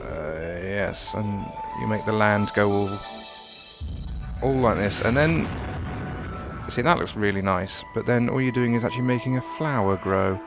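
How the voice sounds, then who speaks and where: A low-voiced man talks his way through a video game in a relaxed, wry and rambling way. The recording sounds dull and lo-fi, with game music playing clearly behind him. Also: measured pace. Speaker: gameplay commentator. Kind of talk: casual gameplay commentary.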